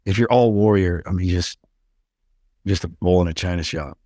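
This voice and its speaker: Podcast guest, middle-aged man; low-pitched, raw and candid, swears freely. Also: moderate pace, mellow, no echo, studio quality. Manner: intense, blunt, swears freely. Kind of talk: candid interview talk.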